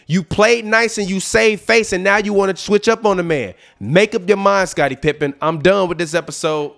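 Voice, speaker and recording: A man hosting a sports podcast, ranting emphatically with lots of profanity and swinging between loud outbursts and low asides. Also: creaky. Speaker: podcast host. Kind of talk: heated sports rant.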